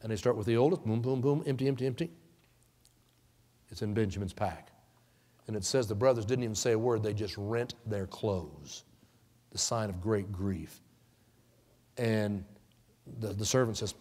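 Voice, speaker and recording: A man preaching a sermon as pastor, retelling a Bible story with lively storytelling and acted-out character voices. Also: medium pitch, normal speed, pauses often. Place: church sanctuary. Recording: long church-hall reverb.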